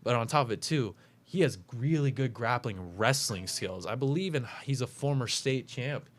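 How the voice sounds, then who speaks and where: A man's voice: medium pitch, lively intonation, normal speed. A man hosting a casual talk show, breaking down upcoming fights with lots of fillers and self-corrections. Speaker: podcast host making fight picks.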